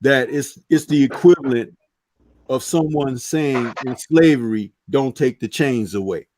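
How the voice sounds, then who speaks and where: A man's voice: medium pitch, unhurried, a little mellow. A man on a boxing talk panel speaking earnestly and preachily, driving his points home with "okay" asides. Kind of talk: casual panel chat.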